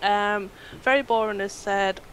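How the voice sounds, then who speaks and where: A woman's voice: medium pitch, fairly even intonation, unhurried, a little hiss or hum, poor audio. A woman on a live panel show reading viewer comments aloud in a matter-of-fact, lightly amused way. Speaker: chat reader.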